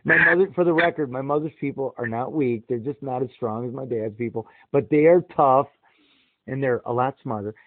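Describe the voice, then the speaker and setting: A middle-aged man telling stories in a casual chat, lively and animated, with quick jumps into quoted voices. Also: mid-range voice. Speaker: podcast host. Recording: tinny phone-like dry sound.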